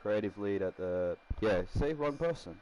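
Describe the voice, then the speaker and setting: A man's voice: lowish voice, animated, normal speed, darkish tone, poor audio. A man casually commenting while building a rugby team in a game, rambling and laughing often. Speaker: gaming streamer.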